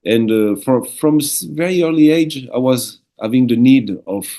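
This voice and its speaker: A man's voice: mid-range voice, animated, normal speed, dark tone. A middle-aged man with a French accent, a guest speaking earnestly in an interview, with frequent restarts. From France. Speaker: guest, ayahuasca shaman. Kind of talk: casual interview talk.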